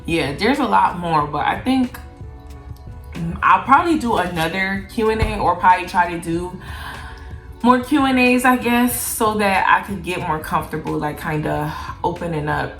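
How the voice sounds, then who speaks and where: Woman vlogger, young adult, low-pitched, chatty and candid, echoey room, faint music behind. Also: moderate pace, a bit bright. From Jamaica. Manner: candid, chatty, heavy use of "like". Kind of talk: casual Q&A chat while eating.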